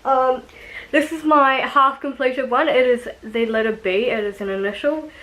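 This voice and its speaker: A woman's voice: high voice, normal speed, fairly bright tone, low-quality recording. A young woman chatting casually to her vlog audience, rambling with frequent ums and light laughs. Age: young adult. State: out of breath. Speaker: vlogger.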